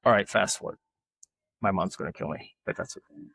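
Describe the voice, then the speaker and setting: A man from Alabama, telling animated family stories as an interview guest. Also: low voice, a little fast, creaky, a little hiss or hum. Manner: animated storyteller, acts out quoted voices. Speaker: guest, artist. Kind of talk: casual storytelling interview.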